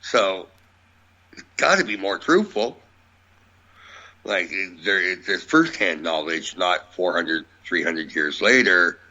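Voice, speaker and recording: A man's voice: low-pitched, animated, slow, long pauses, pushed and bright. A man speaking as a radio guest, musing about beliefs in a plainspoken, rambling way. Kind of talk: conversational radio interview. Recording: dull lo-fi audio.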